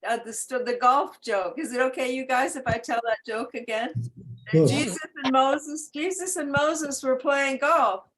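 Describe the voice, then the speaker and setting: A woman's voice: high-pitched, normal speed, over a noisy crowd, low-quality recording. A woman on a video call telling a joke hesitantly, stopping to correct herself. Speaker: participant in a group video call. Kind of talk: casual chat, telling a joke.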